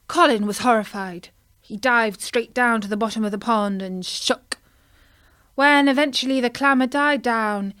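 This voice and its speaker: A woman narrating a children's story in a gentle, expressive way. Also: fairly high pitch, dry recording, clean studio sound.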